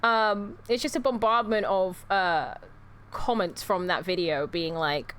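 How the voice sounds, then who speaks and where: A woman's voice: medium pitch, a little slow, fairly bright tone, clean tone. A young woman streamer in casual chat with her viewers, rambling, correcting herself and swearing as she goes.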